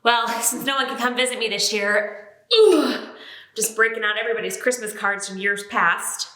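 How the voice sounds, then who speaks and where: A woman delivering deadpan comedic character monologues, chatty and hesitant with fillers. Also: on the high side, normal speed, echoey room. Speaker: comedy sketch performer.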